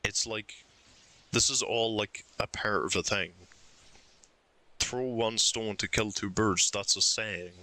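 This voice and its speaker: A man's voice: fairly low pitch, takes it slowly, sharp tone. A young man streaming a puzzle game, thinking aloud and arguing his case insistently with himself. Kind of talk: live game commentary.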